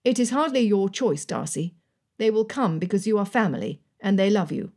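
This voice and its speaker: A woman's voice: medium pitch, expressive, normal speed. A woman voicing a jovial, joking Regency colonel. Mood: reassuring. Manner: warm, joking and firm. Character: jovial Regency army colonel, loyal cousin. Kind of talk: audiobook character reading.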